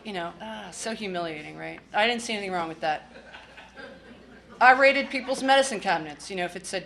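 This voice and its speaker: A woman's voice: mid-range voice, a little fast, gravelly, fairly bright tone. A woman from the Washington, D.C. area sharing her recovery story in a candid, blunt way with wry humor and swearing. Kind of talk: personal testimony.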